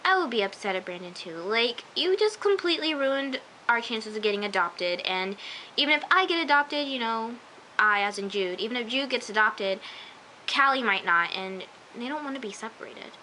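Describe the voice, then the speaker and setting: A woman's voice: on the high side, animated, moderate pace, bright, forceful tone, slight background noise, poor audio. A woman chatting emphatically as she recaps and reviews a TV episode, with lots of asides. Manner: chatty, emphatic, often says "I'm just like". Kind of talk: casual recap vlog.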